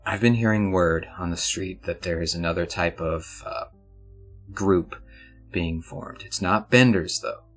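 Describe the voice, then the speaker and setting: A man's voice: deep voice, measured pace, faint music behind. A man voicing a serious woman gang leader who gives orders in a businesslike way, with hesitant restarts.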